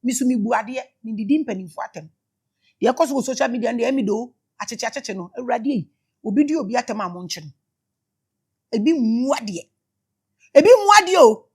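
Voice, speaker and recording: A Ghanaian woman giving emotional spiritual commentary, shouting exclamations and switching between English and Twi. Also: fairly high pitch, animated, fast, pauses often, breathy edge. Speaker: spiritual teacher.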